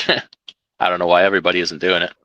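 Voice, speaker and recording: This man hosts a casual live stream about trucking and keeps teasing his guest. His voice is bright and forceful. The sound is dry and close to the mic. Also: sits low, flat delivery, a little fast, no room sound, lo-fi sound. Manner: joking, teasing.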